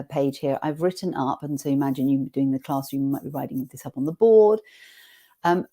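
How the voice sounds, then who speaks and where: A woman leading an online teacher-training session, guiding the group through an awareness exercise in a gentle, inviting way. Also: sits low. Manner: gentle, inviting, slows for guided reading. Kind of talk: guided classroom exercise.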